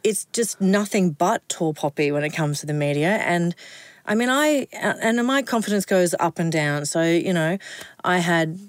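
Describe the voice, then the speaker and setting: Australian woman, middle-aged broadcaster guest, low-pitched, animated storyteller. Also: moderate pace, dry recording. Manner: lively anecdotal, laughs often. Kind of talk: casual storytelling interview.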